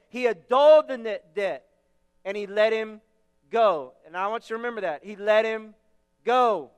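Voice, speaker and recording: A man's voice: very high-pitched, a bit bright, clean tone, big-room sound. A man preaching a sermon as pastor, stressing his points by repeating phrases.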